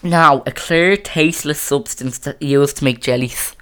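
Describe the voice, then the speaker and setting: A teen hosting a casual podcast at a middle pitch. The talk rambles and restarts a lot. The voice is close on a boom mic. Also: unhurried, fairly bright tone, smooth. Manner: rambling, chatty, many restarts. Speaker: podcast host. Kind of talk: casual chat. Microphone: boom mic on a stand.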